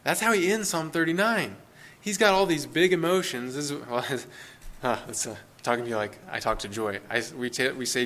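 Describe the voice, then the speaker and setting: A pastor preaching an informal sermon, talking casually with frequent restarts and short laughing asides. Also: male voice, medium pitch, brisk, a bit bright. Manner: conversational, self-interrupting, laughing asides.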